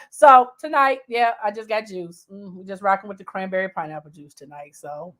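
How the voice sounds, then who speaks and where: A woman hosting a casual livestream from home, chatty and excitable, talking straight to her viewers. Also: mid-range voice, brisk, few pauses. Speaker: livestream host.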